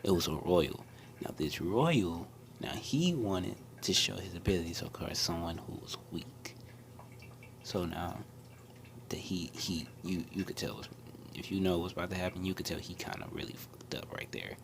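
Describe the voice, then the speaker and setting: Young man, very low voice, hushed rambling fan storyteller, faint background hiss. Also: expressive, moderate pace, creaky. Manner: hushed, often half-whispered, rambling with many restarts and fillers. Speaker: anime storyteller. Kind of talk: casual fan-story retelling.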